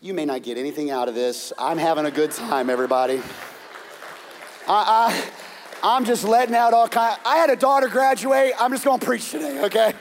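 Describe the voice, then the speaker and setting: A middle-aged man preaching a sermon as pastor, telling the story dramatically with shouts and hushed whispers. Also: high-pitched, fairly quick, long reverb tail, a faint crowd, slight background noise.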